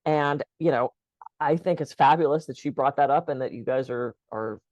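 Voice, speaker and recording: A woman co-hosting a podcast, telling stories in a lively way and acting out the quoted lines. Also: rumbling low, moderate pace, dry recording, lo-fi sound. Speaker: podcast co-host. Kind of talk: casual podcast conversation.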